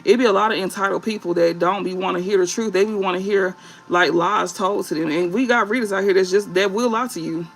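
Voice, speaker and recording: This high-voiced man runs a tarot livestream late at night, speaking in a blunt, profane way with long drawn-out fillers and phrases he keeps repeating. His intonation stays fairly even, with vocal fry and a slightly bright tone.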